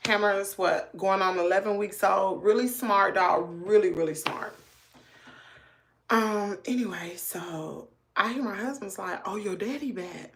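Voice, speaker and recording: A woman, telling a story to her viewers in a chatty, animated way with lots of asides. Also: medium pitch, unhurried, gravelly, a little hiss or hum. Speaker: family vlogger.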